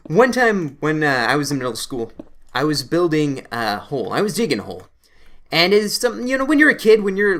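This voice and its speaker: A man's voice: on the high side, a bit bright. A young man from Canada, a gaming channel host, rambling animatedly through a casual story while playing a game.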